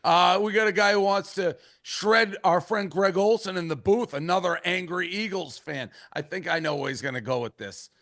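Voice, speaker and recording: A man's voice: sits high, moderate pace, hardly any pauses, a bit bright. A man hosting a casual sports talk show, loose and chatty as he hands off to callers. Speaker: host.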